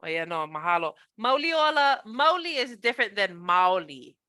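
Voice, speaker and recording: A woman's voice: medium pitch, very animated, a little fast, pushed and bright, dry recording. A woman from Hawaii, a cultural practitioner, giving a chatty, upbeat online presentation on a video call, with many fillers and restarts.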